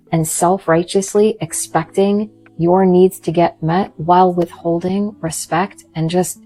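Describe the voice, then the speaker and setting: Woman, slow, husky, dark, grave monologue, measured pauses. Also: fairly low pitch, poor audio. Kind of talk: earnest reflective monologue.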